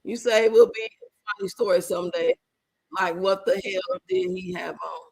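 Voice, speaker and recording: A woman from Chicago with a Chicago accent, hosting a livestream and answering her chat in an animated, outspoken way. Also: on the low side, normal speed, vocal fry, breathy edge, dry recording, low-quality recording. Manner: animated, outspoken, emphatic, talks back to the chat. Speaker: livestream host. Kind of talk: livestream chat reacting to comments.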